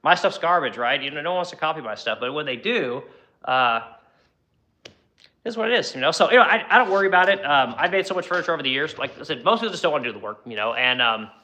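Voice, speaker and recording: Bright-voiced man, rambling and blunt. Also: a little high, lively intonation, fast talker. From United States. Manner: rambling, profane, lots of fillers like "you know". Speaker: furniture maker answering viewer questions. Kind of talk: casual Q&A talk.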